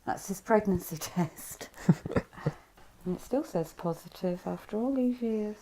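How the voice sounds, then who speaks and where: In a documentary interview, a middle-aged woman who is a mother talks about her past in a quiet, halting voice that frequently trails off low. A slight hiss or hum is audible.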